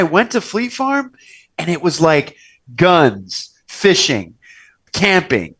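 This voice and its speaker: Animated young man telling stories. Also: takes it slowly, breathy edge. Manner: animated storyteller, acts out quotes with big pitch jumps. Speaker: podcast host. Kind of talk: casual chat. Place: restaurant wine cellar.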